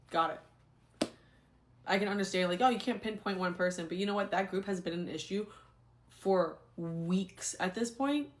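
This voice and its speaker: A young adult woman, a former teacher, telling a story in a casual, animated, exasperated way. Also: lowish voice.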